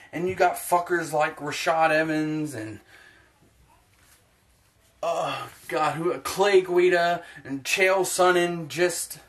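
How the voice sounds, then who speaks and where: A man's voice: on the high side, fairly bright tone. American man in a profane sports rant. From United States. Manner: profane, heated, rapid-fire ranting. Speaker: sports vlogger. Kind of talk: ranting sports opinion vlog.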